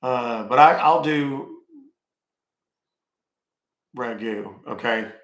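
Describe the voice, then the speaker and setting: Casual male streamer, gruff and offhand, cussing, roomy echoey sound. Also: mid-range voice, very slow, a bit bright. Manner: grumbling, cursing, offhand. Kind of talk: casual live-stream chat. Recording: roomy echo.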